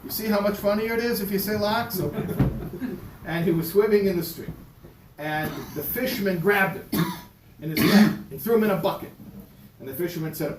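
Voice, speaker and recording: A man teaching a class and telling a story in a lively way, stumbling over and repeating words as he goes. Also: high-pitched, normal speed. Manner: animated storyteller, repeats words, voices characters. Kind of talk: lecture with a told story. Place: synagogue class room. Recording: echoey room from far off, noisy.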